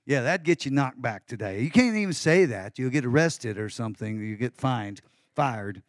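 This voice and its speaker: Male pastor, middle-aged, Easter sermon, animated delivery, dry close sound. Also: mid-range voice, moderate pace, no echo. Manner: lively, conversational preaching with folksy asides.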